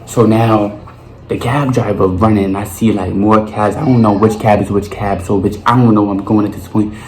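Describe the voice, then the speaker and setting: A young man tells a story to camera in an animated, profane way, full of slang. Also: on the low side, moderate pace. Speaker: vlogger. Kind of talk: storytime monologue. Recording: roomy with faint noise.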